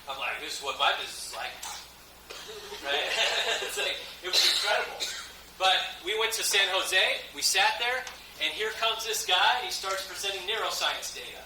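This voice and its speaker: A man telling a story to an audience at an event, animated and laughing often. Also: high-pitched, moderate pace, noisy background. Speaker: event speaker. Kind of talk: motivational storytelling talk. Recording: echoey hall from far off.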